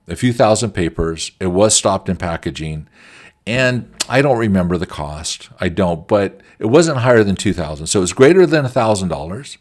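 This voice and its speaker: Deep-voiced man telling work stories. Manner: conversational, anecdotal. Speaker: quality management teacher. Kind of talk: storytelling lecture.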